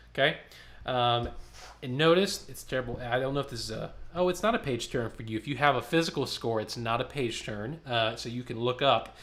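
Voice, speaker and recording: A man's voice: medium pitch, a bit bright, a little hiss or hum. A man leading an online choir rehearsal, counting beats, speaking syllables aloud and singing lines for the singers to copy. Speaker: choir director.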